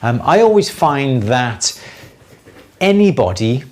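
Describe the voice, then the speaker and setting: A middle-aged man hosting a live jewellery Q&A, explaining techniques step by step in a relaxed way, with many fillers and restarts. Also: mid-range voice, slow pace, slight background noise. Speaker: jewellery maker answering viewer questions. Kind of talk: live Q&A demonstration.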